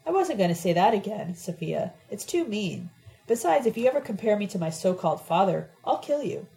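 A woman reading an audiobook gives voice to a sharp-tongued young woman who talks in a mocking, cryptic way. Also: mid-range voice, very animated, fairly quick, creaky, poor audio. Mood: lecturing. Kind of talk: audiobook character voice.

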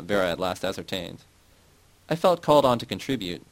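A man narrating a novel in the first person as an audiobook reader, in a steady, even reading. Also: deep voice, a little fast, vocal fry, dry recording, rough recording.

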